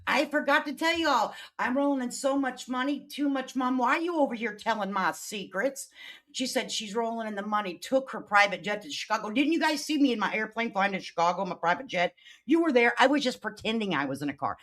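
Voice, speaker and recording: A woman commenting on online drama during a livestream, reading posts aloud and answering them with sarcasm and sudden loud outbursts. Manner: sassy, sarcastic, swings between loud outbursts and low mutters.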